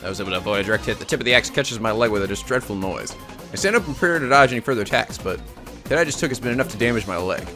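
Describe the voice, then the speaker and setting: Fast, animated let's play guy. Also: medium pitch, over music. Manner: animated, laughing asides. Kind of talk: reading game text aloud with commentary.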